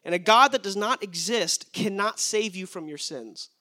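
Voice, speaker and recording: Bright-voiced emphatic male preacher. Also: high-pitched, animated, normal speed. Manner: emphatic, asks the audience rhetorical questions. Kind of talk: sermon.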